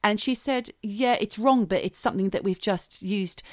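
A woman's voice: medium pitch, normal speed, dry recording, clean studio sound. A woman co-hosting a podcast in casual chat, opinionated and playful. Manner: opinionated, playful, animated delivery. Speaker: podcast co-host.

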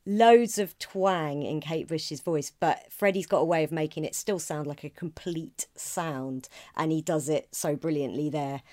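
A woman's voice: low-pitched, measured pace, hardly any pauses. A woman who co-hosts a podcast, a singer and comedian, chatting casually about vocal technique with frequent laughter. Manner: animated, laughs often, breaks into sung demonstrations.

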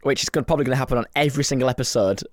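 A man's voice: medium pitch, very fast, dry recording. A man co-hosting a podcast, bantering playfully and laughing in mock outrage, recorded on a studio mic. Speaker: podcast co-host. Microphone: studio microphone.

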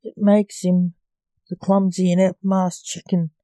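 A woman voicing the Sandman, a gentle male dream spirit who explains things earnestly, in a storybook reading. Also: on the low side, flat delivery, a little slow, dry recording, lightly acted, rough recording.

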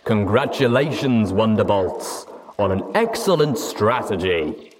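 A man's voice: big pitch swings, measured pace, crowd noise. A man voicing an amiable male cyborg pony villain who stays pleasantly conversational while he threatens. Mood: pleasantly menacing. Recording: booming long reverb with clear noise.

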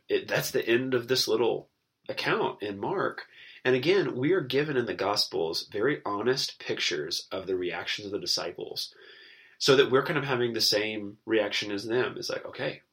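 Male co-host, thoughtful casual Bible talk, gravelly with a bright edge. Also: medium pitch, normal speed. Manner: thoughtful, animated, laughs often. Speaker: podcast co-host. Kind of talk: casual Bible study chat.

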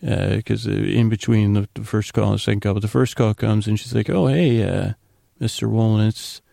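Gravelly low-voiced man rambling a recap. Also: little pitch movement, warm tone, no room sound, clean studio sound. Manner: rambling, retells scenes with quick quoted lines. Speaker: podcast host recapping a TV episode. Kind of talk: casual comedic recap.

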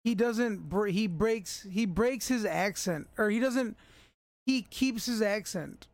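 A man's voice: high-pitched, takes it slowly, no echo. A man co-hosting a casual podcast chat, laid-back and rambling, swearing freely. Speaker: podcast co-host reviewing a TV episode.

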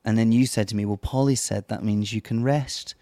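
A man's voice: fairly low pitch, fairly even intonation, fairly quick, warm tone, dry recording. A man co-hosting a podcast in casual chat, playful and enthusiastic. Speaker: podcast co-host.

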